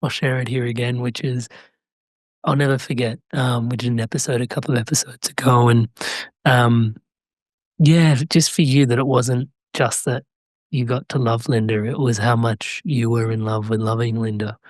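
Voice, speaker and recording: A man's voice: medium pitch, steady tone, moderate pace, no room sound. Earnest male podcast host, dry sound. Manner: earnest, searching for words. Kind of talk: interview conversation.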